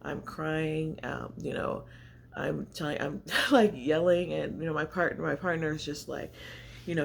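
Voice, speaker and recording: A woman's voice: sits low, measured pace, creaky, a little hiss or hum. A woman vlogging casually to camera at home in a chatty, confessional, rambling way, often a little out of breath. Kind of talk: casual vlog chat to camera. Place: home, indoors by natural light.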